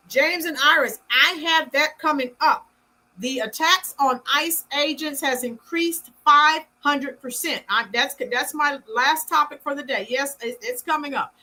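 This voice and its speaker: A woman's voice: sits high, pushed and bright. A woman hosting a live-stream political commentary, emphatic and punchy, greeting chat viewers by name. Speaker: livestream commentary host.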